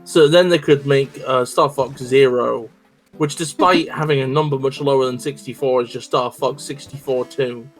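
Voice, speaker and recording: A man's voice: medium pitch, fairly even intonation, normal speed, soft background music. A man co-hosting a game stream, chatting casually with joking, profane, rambling riffs. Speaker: stream co-host. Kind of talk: casual chat while gaming.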